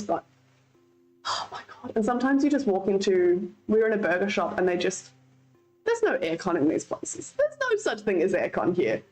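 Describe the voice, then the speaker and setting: A woman's voice: medium pitch, darkish tone. Chatty Australian woman streamer. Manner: chatty, swears freely, laughs often. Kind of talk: casual chat with live chat.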